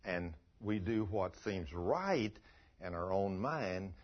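Husky-voiced preacher, folksy sermon delivery, dull lo-fi recording. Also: male voice, low-pitched, animated, slow. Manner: folksy storytelling, swings between soft and loud.

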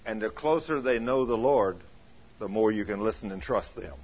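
A man pastor giving a folksy, story-filled sermon, animated and acting out the people he quotes, now and then breaking into a shout. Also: on the low side, moderate pace. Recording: dull lo-fi recording.

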